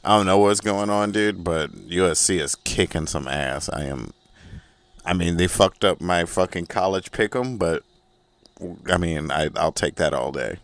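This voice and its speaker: A man's voice: deep voice, measured pace, creaky, no room sound. A man hosting a casual solo podcast, rambling, profane and self-mocking, in a small recording studio. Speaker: podcast host.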